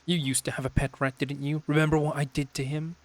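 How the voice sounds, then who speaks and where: A man's voice: on the high side, level tone, fast, voice pushed up, close to an everyday voice. A man voicing a haughty, vain young woman who taunts and sneers at her sibling. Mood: gloating.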